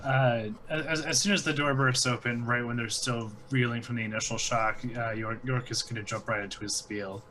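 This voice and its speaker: A man's voice: medium pitch, steady tone, normal speed, hardly any pauses, pushed and bright, a little hiss or hum. A man playing a tabletop game, chatting casually and restarting his sentences. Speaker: player.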